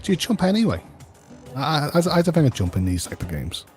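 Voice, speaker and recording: A man's voice: medium pitch, big pitch swings, a little fast, soft background music. An English man with a Scouse accent, chatting casually as co-host, often repeating his words as he talks. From England. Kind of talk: casual chat over gameplay.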